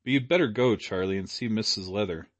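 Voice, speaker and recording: A man's voice: lowish voice, brisk, no room sound, close to an everyday voice. A man reading an audiobook, voicing a kindly, strong-minded elderly woman in a motherly, firm tone.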